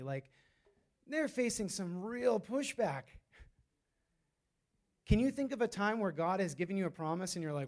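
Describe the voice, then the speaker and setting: A man's voice: fairly high pitch, expressive, normal speed, darkish tone. A man preaching a sermon in a loose, conversational way, with many fillers and restarts. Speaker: pastor.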